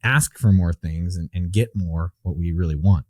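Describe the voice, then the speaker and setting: A man speaks as a podcast guest, his voice low and mellow. The sound is close and dry, with no room around it. He talks in an animated, emphatic way, leaning into his points. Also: moderate pace, no room sound. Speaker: guest entrepreneur. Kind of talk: conversational interview.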